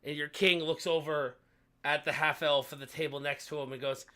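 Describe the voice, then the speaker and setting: A man narrating a tabletop game as game master, halting with frequent fillers and restarts. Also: a little high, steady tone, bright, forceful tone.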